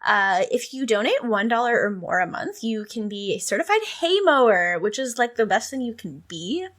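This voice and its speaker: A woman's voice: fairly high pitch, animated, moderate pace, a bit bright. A woman co-hosting a podcast in easygoing chat, her voice rising and falling freely through each line. She giggles a lot and trails off with fillers like "um" and "so" between thoughts. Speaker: podcast co-host.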